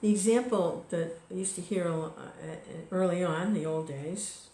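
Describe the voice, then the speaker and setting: With a lowish, mellow voice at a moderate pace, a woman gives a casual spiritual talk as a devotional speaker. She's conversational, full of fillers and "you know," and the echoey room gives the recording a roomy sound.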